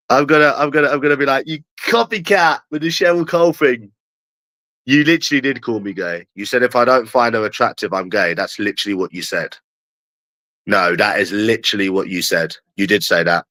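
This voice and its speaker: A man's voice: medium pitch, a bit bright, dry recording. A young man with a London accent, ranting in a taunting live stream and jeering at someone over and over. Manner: mocking, repetitive jeering.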